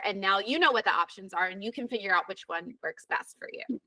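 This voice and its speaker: A woman hosts a podcast in a casual, earnest conversation, often repeating a phrase to drive it home. Her voice is bright and forward, recorded close and dry. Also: medium pitch, lively intonation, brisk, dry recording. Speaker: podcast host, lactation consultant.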